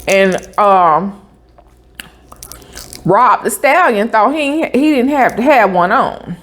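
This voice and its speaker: A woman vlogger, telling a story in a chatty, animated way with asides like "honey" and "baby" while she eats. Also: fairly high pitch, takes it slowly, long pauses. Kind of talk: casual storytelling while eating.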